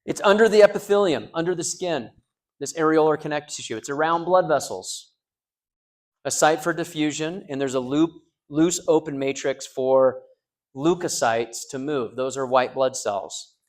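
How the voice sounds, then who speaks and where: Speaking on the high side at a moderate pace, this man teaches a small university class in a relaxed, conversational way. He cracks jokes, poses questions to the class and echoes back what students say, frequently restarting and using fillers.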